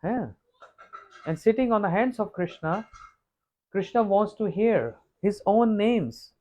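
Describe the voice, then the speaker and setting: A man telling a devotional story as a monk, unhurried and repetitive, often clearing his throat. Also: high-pitched, animated, a little mellow, low-quality recording. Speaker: monk giving a scripture talk. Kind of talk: sermon storytelling.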